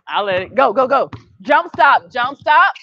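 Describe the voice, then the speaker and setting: A woman coaching a youth basketball practice, calling brisk directions and praise and gently correcting the kids. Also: sits high, expressive. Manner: brisk, directive calls and encouragement; patient, gentle correction of the group. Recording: dull, dry lo-fi sound.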